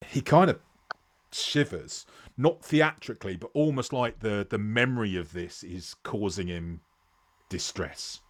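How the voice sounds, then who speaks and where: Male game master, tabletop narration, very slow pace, low voice, lots of "um". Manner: unhurried descriptive narration with many fillers.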